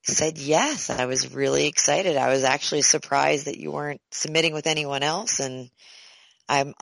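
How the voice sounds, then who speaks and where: A woman chatting as a conference co-chair, high energy and excitable, often restarting and repeating words. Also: moderate pace, creaky, no room sound, low-quality recording. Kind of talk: casual conversation.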